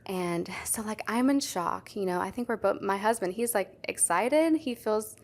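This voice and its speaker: Speaking at a normal speed and medium pitch, a young adult podcast co-host shares a story in relaxed conversation. She's chatty, sprinkling "like" throughout.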